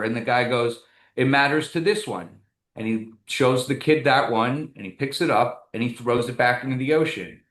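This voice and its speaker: A man speaking as a guest in an interview, an animated and emphatic storyteller. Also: medium pitch, moderate pace, reverberant. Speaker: guest, community advocate. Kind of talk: conversational interview.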